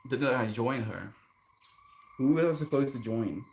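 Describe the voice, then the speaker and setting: A man streaming live, reading viewer comments aloud and answering them in a relaxed, chuckling way, sometimes drifting into gentle musings. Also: mid-range voice, measured pace, slight background noise. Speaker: livestreamer reading chat. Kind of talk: casual livestream chat.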